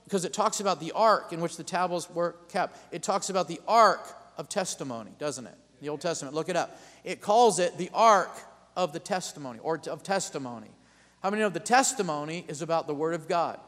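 A man preaching a sermon as pastor, calling out amens and building to loud declarations. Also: on the high side, big-room sound.

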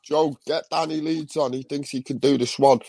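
Gravelly, talkative man from Liverpool. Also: fairly high pitch, steady tone, normal speed, crowd noise. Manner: rambling, talkative, swearing. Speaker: live stream co-host. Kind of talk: casual live stream chat.

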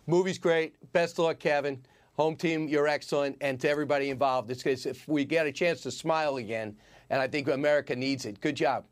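A man's voice: fairly high pitch, steady tone, brisk, clear, resonant tone. A man hosting an interview, asking pointed, joking questions. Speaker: interview host. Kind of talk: casual interview.

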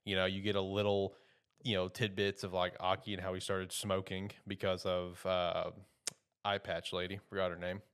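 A podcast host talks through the episode in a relaxed, rambling way. He leans on fillers and restarts and sounds easygoing. His voice sits a little on the low side. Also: normal speed, smooth. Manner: rambling, filler-heavy, loose and chatty. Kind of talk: casual anime episode recap.

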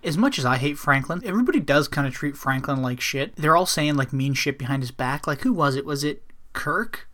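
A man's voice: on the high side, animated, a little fast, few pauses, sharp tone. A man co-hosting a podcast, chatting casually about a movie with wry, profane joking asides. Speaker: podcast co-host.

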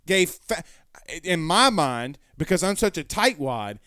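A man's voice: a little high, very animated, a little slow, bright, forceful tone, no echo, studio quality. Chatty man hosting a sports show. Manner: rambling, self-correcting, folksy. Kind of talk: casual live-stream chat reading comments.

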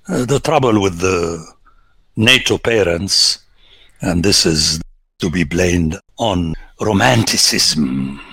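Male priest lecturing on scripture: slow, rhetorical delivery, gravelly and husky tone, dry close sound. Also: deep voice, no echo. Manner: emphatic, swings between loud exclamations and hushed whispers. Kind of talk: biblical lecture.

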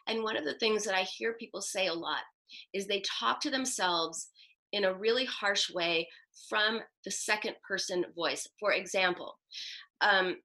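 A woman's voice: medium pitch, sharp tone, low-quality recording. A middle-aged woman psychoanalyst answering interview questions in an emphatic way, acting out quoted self-talk. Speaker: psychoanalyst guest.

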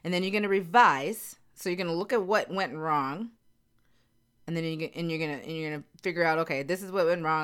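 Talking candidly and straight to her viewers, a vlogger speaks fast in a low, deep voice that is smooth and a bit bright. She is earnest and emphatic, repeating phrases to hammer her point home.

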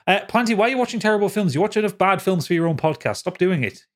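A man hosting a podcast, chatting casually, laughing often and reading listener messages in an animated way. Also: fast talker. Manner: lively, laughs often, jumps high when reading quotes. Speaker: podcast host.

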